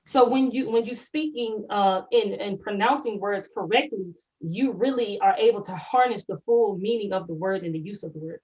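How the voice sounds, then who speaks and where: A woman's voice: medium pitch, normal speed, hardly any pauses, a little mellow, recorded from a distance. A woman talks through an idea step by step on an educational podcast, circling back and repeating words as she gathers her thoughts. She sits some way off from the mic. The sound is muffled and dull. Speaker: co-host.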